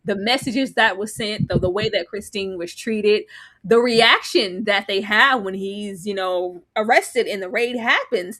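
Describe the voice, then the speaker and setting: A woman's voice: mid-range voice, a little slow. A woman co-hosting a casual live recap chat, telling the story with dramatic flair and acting out the people she quotes. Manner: animated, dramatic retelling with voiced quotes. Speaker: co-host.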